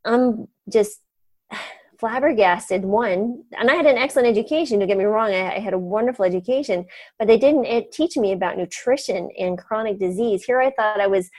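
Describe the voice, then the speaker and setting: A woman's voice: mid-range voice, moderate pace, no room sound. Chatty woman doctor telling a story. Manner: animated, chatty, frequent fillers and laughs. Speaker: physician guest. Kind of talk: conversational storytelling.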